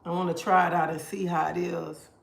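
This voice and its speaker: A man's voice: sits high, level tone, a little fast, gravelly, a bit bright. A man hosting a casual livestream, answering viewer comments and giving preachy life advice. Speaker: livestream host. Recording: roomy echo.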